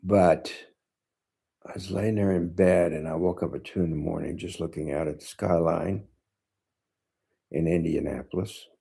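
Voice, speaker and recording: A man in his seventies, a martial arts teacher, giving a slow, thoughtful monologue to camera with frequent pauses. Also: low-pitched, fairly even intonation, vocal fry, mellow, husky. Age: 70s. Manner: slow, thoughtful, pausing often.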